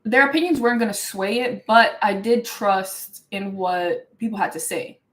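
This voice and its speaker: A woman's voice: medium pitch, poor audio. A young woman hosting her own show, telling a story in a casual, emphatic monologue with lots of "like" fillers. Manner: emphatic and animated, talks fast, many "like" fillers. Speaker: show host.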